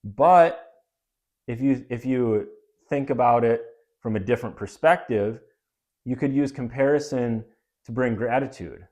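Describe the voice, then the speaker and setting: A man's voice: medium pitch, measured pace, a little mellow. A man co-hosting a casual wellness talk show, explaining ideas through analogies in a conversational way, often restarting his sentences. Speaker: podcast co-host.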